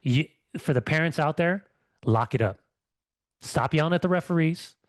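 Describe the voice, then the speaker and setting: A man's voice: fairly high pitch, normal speed, dry recording. A middle-aged man, a former athlete co-hosting a podcast, talking in a fired-up way with many restarts. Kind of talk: casual podcast chat.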